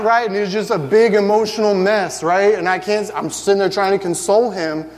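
Male preacher, high voice, animated storytelling, long church reverb. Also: a little fast, hardly any pauses, slight background noise. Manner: animated storytelling, acts out family scenes. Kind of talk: sermon.

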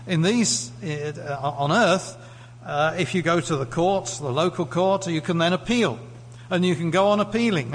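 A man from the UK preaching a sermon in a conversational way, putting questions to the congregation. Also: fairly high pitch. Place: church hall. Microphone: lectern mic. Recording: echoey hall, faint hum.

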